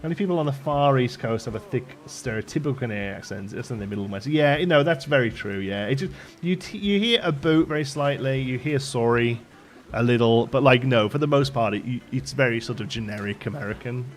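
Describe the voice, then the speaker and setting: A man's voice: mid-range voice, expressive, fast, hardly any pauses. An English man with a light Liverpool tinge in his accent, hosting a live stream in casual, digressive chat and laughing often. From England. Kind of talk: casual chat while building in a game. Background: faint background music.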